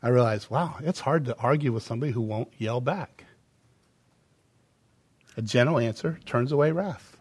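Middle-aged male pastor mid-sermon, lively delivery with sudden loud and soft swings. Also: medium pitch, moderate pace, long pauses, slightly rough. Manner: animated, swinging between loud emphasis and quiet asides.

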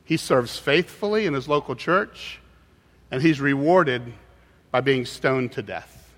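A man preaching a sermon, telling a story in an animated way with frequent halting restarts. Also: mid-range voice. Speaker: pastor. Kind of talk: sermon with personal anecdote. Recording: hall with long reverb.

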